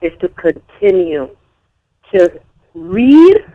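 A woman's voice: lowish voice, sing-song, drawn-out words. A woman calling in to a radio show, sharing an earnest, heartfelt testimony. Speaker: caller. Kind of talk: phone-in testimony. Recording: dull phone line.

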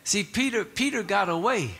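Bright-voiced preacher man. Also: high-pitched, lively intonation, moderate pace. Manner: repetitive, call-and-response prompts to the congregation; casual colloquial phrasing. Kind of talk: sermon.

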